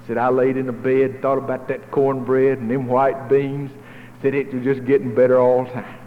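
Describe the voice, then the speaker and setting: Folksy preacher in an echoey hall. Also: male voice, mid-range voice, level tone, normal speed. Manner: folksy storytelling, dramatic swings from loud to hushed. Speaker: pastor. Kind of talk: sermon storytelling. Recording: tinny phone-like echoey hall, faint noise.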